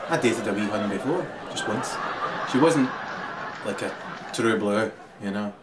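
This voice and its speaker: A man's voice: fairly low pitch, measured pace. A man with a Scottish accent in a rambling, crude monologue who keeps laughing as he talks. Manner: crude, laughs through his talk, swings loud and quiet. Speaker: vlogger. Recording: distant mic, loud crowd and noise.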